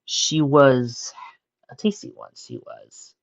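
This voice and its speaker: A man's voice: mid-range voice, huge pitch swings, slow, gravelly, highs cut off, pitched above the performer's own voice, heavily acted. A man reading a cruel, gloating male mad scientist pony in a sneering, menacing tone, for a storybook-style fanfic reading.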